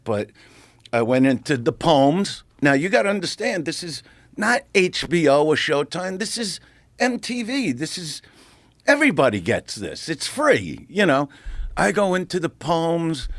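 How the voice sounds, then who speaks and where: A middle-aged man, a comedian telling a story as a podcast guest in a brash, profane, animated way, acting out what people said. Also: on the high side, dry recording. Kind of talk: casual storytelling.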